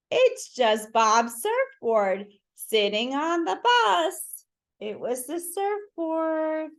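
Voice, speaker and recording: A woman reading a picture book aloud to children, pausing to ask listeners to fill in the words. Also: sits high, fairly bright tone. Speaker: children's story reader.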